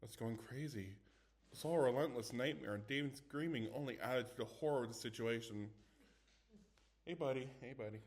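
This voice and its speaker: A man's voice: mid-range voice, fairly quick. A man reading a scary story aloud in first person, dramatic, with small stumbles. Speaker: story reader.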